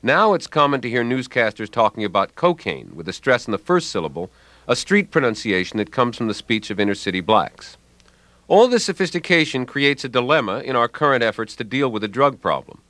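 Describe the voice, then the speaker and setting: A man reads a scripted radio commentary with a dry, ironic wit. His pitch rises and falls with lively movement. The studio sound is close and dead, with no room at all. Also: brisk, dry recording. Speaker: language commentator.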